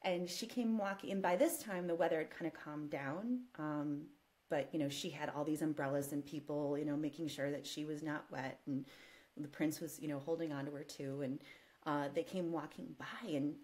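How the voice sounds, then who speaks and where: A woman with a slightly low voice tells a story to a podcast host. She talks in an animated, casual way with quick asides. Her pitch rises sharply when she gets excited. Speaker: podcast guest.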